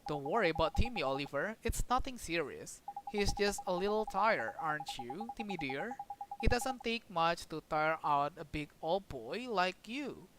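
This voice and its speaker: A woman's voice: fairly low pitch, expressive, moderate pace, background noise, natural voice. An actress voicing a fussy, motherly woman who dotes on her cat in a sing-song way. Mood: doting.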